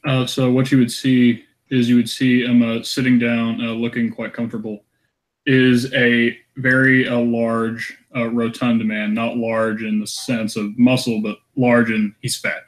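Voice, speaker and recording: A man's voice: mid-range voice, little pitch movement, unhurried. A man playing a tabletop game, introducing and describing his new character. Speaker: player. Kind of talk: casual tabletop game play.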